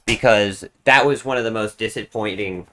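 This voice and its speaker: A man's voice: on the low side, moderate pace, a bit bright, a little hiss or hum. A man streaming a live reaction, chatting casually, rambling and swearing freely.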